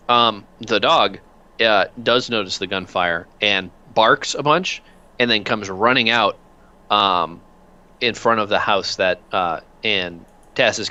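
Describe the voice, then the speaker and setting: Slow, bright-voiced male game master. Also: lowish voice, muffled recording. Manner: relaxed, many filler sounds. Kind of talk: narrating a tabletop game.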